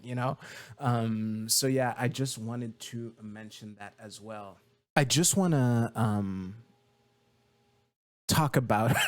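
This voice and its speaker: A man's voice: mid-range voice, slow pace. A young man from Quebec giving casual TV commentary, rambling loosely with many fillers and offhand swearing. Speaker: video creator.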